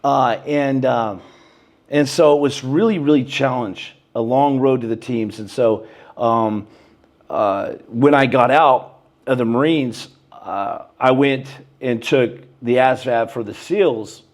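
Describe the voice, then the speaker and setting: A man's voice: mid-range voice, slow. A man in his thirties, a podcast guest telling stories in a laid-back, casual way. He keeps saying "bro" and "man" and raises his voice to act out quotes. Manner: animated, acts out quotes in a raised voice. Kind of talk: casual storytelling interview.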